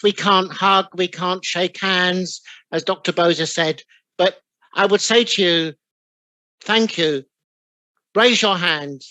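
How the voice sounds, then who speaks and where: A man's voice: high-pitched, pushed and bright, no room sound, poor audio. A man with a London accent chairing an online award ceremony, courteous and a little apologetic as he reads out names over a video call. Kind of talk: formal ceremony address.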